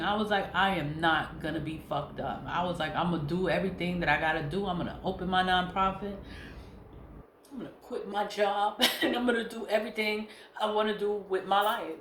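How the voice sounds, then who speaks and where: A woman's voice: fairly low pitch, slight background noise. Candid woman in her forties, voice going. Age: 40s. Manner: candid, rambling, swears freely. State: voice going hoarse. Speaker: nonprofit founder. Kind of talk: casual vlog monologue. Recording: roomy echo, faint ambience.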